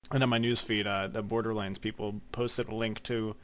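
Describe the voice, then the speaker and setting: A man's voice: lowish voice, flat delivery, normal speed, fairly bright tone. A man hosting a podcast, telling casual rambling stories full of fillers. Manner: rambling anecdotes with many fillers. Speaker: podcast host. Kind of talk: casual chat.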